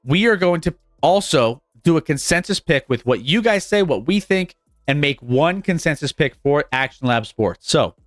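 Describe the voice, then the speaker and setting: A man hosting a live sports betting stream in a casual, animated way, chuckling often and restarting his sentences. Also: on the high side, normal speed, no echo, clean studio sound, faint music behind. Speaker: sports betting show host.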